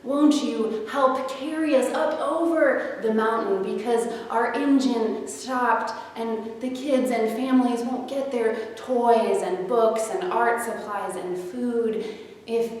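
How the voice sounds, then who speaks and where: A woman's voice: on the high side, slow, a little mellow. A woman voicing a group of toys politely begging for help in a storybook tale. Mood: pleading. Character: group of hopeful, pleading toys. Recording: roomy hall from far off.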